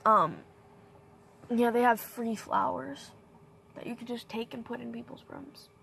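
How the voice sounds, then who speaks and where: Grieving young woman, halting and creaky. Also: a little high, a little hiss or hum. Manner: halting, soft-spoken, trailing off. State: grieving, emotional. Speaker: vlogger. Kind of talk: personal grief vlog. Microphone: self-filmed on camera.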